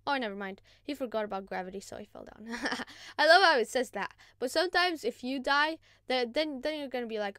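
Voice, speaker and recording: A woman hosting a gaming channel, giving casual gameplay commentary in an excitable, chatty, self-mocking way. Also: on the high side, fairly quick, dry recording, clean studio sound.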